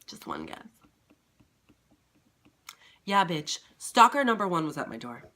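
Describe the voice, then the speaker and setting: A man vlogging a casual storytime, retelling it in an animated, profane, dramatic way. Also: fairly high pitch, a little slow.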